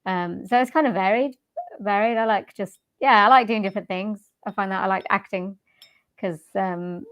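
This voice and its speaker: This is a young woman chatting easily as a podcast guest, laughing often and restarting her sentences. Her voice sits at a middle pitch. The recording is dry and close, with almost no room sound. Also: moderate pace, no room sound, dull audio. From Wales. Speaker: jazz singer and voiceover artist, guest. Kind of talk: casual interview chat.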